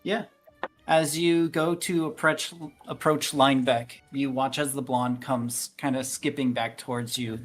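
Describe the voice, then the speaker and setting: A woman running a tabletop role-play as game master, narrating in a relaxed way with frequent fillers and laughs. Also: rumbling low, a little slow, faint music behind.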